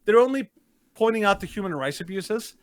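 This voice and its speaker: Male podcast co-host, slightly high pitch, rambling and emphatic, dry booth sound. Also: lively intonation, a little fast, no echo. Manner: rambling, searches for words, emphatic. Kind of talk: casual opinionated chat.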